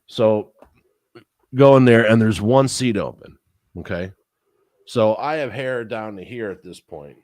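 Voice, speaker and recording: A man's voice: on the low side, unhurried, pauses often, no room sound, studio quality. A man telling a long story in casual chat as a podcast co-host, swearing freely and acting out the other people's lines. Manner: profane, animated storyteller acting out quotes.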